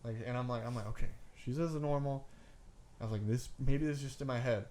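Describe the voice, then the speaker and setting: A podcast co-host tells a long story in casual conversation, talking fast with a darkish, medium-pitched voice. His rambling is packed with "like" and "I'm like," plus casual cursing and the occasional "bro."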